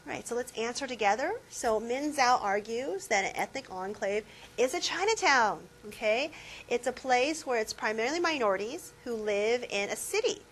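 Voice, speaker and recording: A woman's voice: a little high, animated, moderate pace, a bit bright, a little hiss or hum, poor audio. A woman professor giving a classroom lecture, conversational and putting questions to her students. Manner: conversational, asks the class questions, many fillers.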